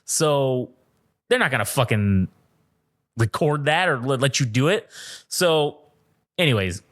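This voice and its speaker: A man co-hosting a podcast, telling a story in an animated, profane way and laughing often. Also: medium pitch, measured pace. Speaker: podcast co-host. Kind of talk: casual storytelling chat.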